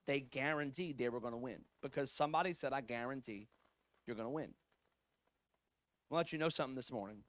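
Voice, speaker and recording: There's no echo on this man's mid-range voice as he preaches, pastor-style, through a chatty tale. Asides pop up often, and "like" and "right?" keep turning up as fillers.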